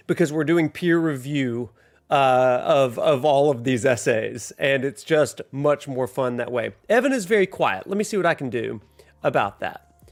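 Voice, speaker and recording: A man hosting a casual livestream, chatty and upbeat, laughing often. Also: mid-range voice. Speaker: livestream host. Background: soft lo-fi music.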